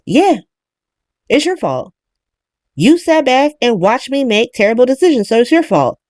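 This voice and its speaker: A woman voicing a resentful young woman who flatly blames her mother. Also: on the high side, moderate pace, no echo, clean studio sound. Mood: accusing.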